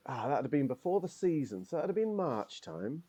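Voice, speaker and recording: A man's voice: fairly high pitch, big pitch swings, brisk, mellow. A man voicing a proud, fussy middle-aged male Morris dancer who rambles on opinionatedly and says "aye," improvised in a role-play game. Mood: recalling.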